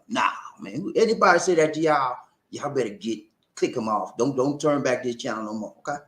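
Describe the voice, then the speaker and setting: A man hosting a casual livestream and reading out viewer comments, talking in a preachy, animated way and often breaking into laughter and repeated phrases. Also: medium pitch, a little fast, roomy sound.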